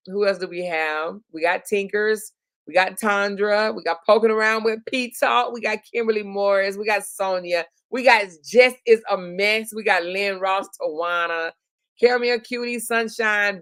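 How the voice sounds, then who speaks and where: Woman live-streaming, gravelly voice, super chatty and affectionate with her viewers, dry close mic. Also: mid-range voice, no echo. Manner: chatty, affectionate, calls viewers honey and girl. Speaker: YouTube live stream host. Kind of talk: casual live-stream chat reading comments.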